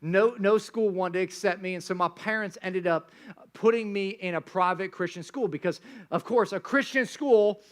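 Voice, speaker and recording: A man's voice: high-pitched, moderate pace. A man preaching a sermon as pastor, telling stories in a casual, joking way with many restarts.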